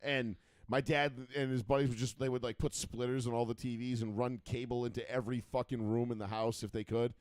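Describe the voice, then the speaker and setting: A man's voice: mid-range voice, little pitch movement, a little fast, darkish tone, dry recording. A man in his thirties co-hosting a call-in sports chat show, telling rambling stories full of fillers and swearing. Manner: profane, rambling storyteller with many fillers. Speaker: radio show co-host.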